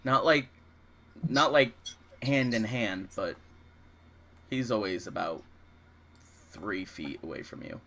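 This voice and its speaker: A man's voice: lowish voice, slow, pauses often, bright, forceful tone, a little hiss or hum. A man running a tabletop game as dungeon master, narrating casually with many fillers.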